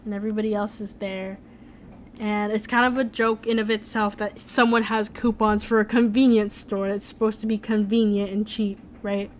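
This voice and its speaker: A young woman who streams and animates chats casually on a live stream, rambling with plenty of "like" and "um." Her medium-pitched voice barely moves in pitch, she speaks at normal speed, and there's slight background noise.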